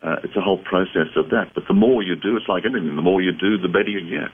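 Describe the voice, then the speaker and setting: A very low-pitched man with a husky voice answers callers on a late-night radio show. He explains things in an unhurried, reflective way. The sound comes through a thin, phone-like radio band. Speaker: radio show guest, psychic medium. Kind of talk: call-in radio conversation.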